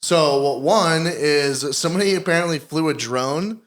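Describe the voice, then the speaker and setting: Male podcast co-host, slightly high voice, loose joking delivery. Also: normal speed, fairly bright tone. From Connecticut, USA. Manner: joking, laid-back banter. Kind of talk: casual chat.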